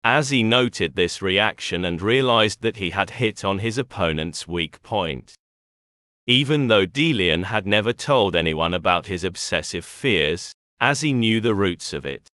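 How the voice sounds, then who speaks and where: A man with a lowish voice reads an audiobook in steady, measured scripted narration. The recording is dry, with clean studio sound.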